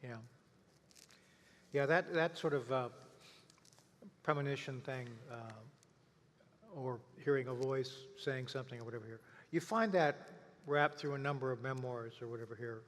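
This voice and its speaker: A man's voice: mid-range voice, normal speed, long pauses, a bit bright. Brief: older male interviewer, mid-range voice, hesitant with lots of fillers, hall echo. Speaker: interviewer and veteran. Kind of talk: panel conversation. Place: conference stage.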